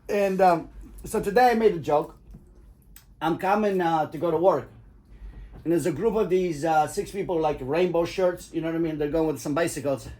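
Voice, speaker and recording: The speaker is a middle-aged man with a fairly high, slightly mellow voice who talks fairly quickly. He's casually storytelling for his kids, rambling, cursing, and laughing at his own stories.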